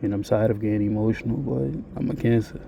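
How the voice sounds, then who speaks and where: A man's voice: fairly low pitch, steady tone, fast talker, vocal fry, warm tone, slight background noise. A man telling a blunt, profane, rambling confessional monologue to his viewers. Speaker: vlogger.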